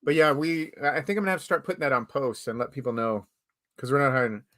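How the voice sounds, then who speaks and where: A man hosting a casual live-stream chat, talkative and quick to laugh. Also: medium pitch, lively intonation, a bit bright. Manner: chatty, laughs easily. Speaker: live show host.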